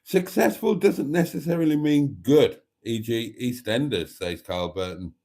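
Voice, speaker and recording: A middle-aged man hosts a late-night live stream, reading viewers' comments aloud in a camp, chatty way. His voice is mellow and dark, at an ordinary pitch for a man. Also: a little slow.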